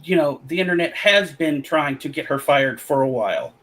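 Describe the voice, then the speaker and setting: Blunt, high-voiced man on a podcast. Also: lively intonation, moderate pace, fairly bright tone. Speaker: podcast panelist.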